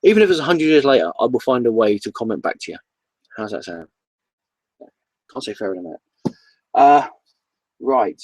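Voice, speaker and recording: A man's voice: mid-range voice, lively intonation, moderate pace, long pauses, darkish tone, no echo, rough recording. A man chatting casually on his comic book vlog, enthusiastic and rambling, often repeating himself.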